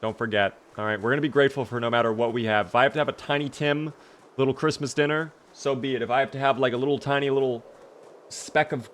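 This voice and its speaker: Male streamer, mid-pitched, chatty running commentary with sudden outbursts, faint ambience behind. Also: a little hiss or hum. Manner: chatty, talks to chat, bursts of excitement. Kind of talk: live game commentary.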